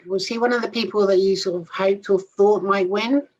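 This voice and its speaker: A woman's voice: medium pitch, fairly even intonation, a little fast. Woman host with a slightly dull sound. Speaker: interview host. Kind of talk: casual interview.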